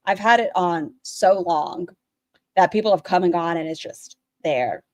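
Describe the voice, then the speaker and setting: A woman's voice: lowish voice, unhurried, no echo. A woman streamer giving blunt, sarcastic live-stream commentary on clips, swearing freely.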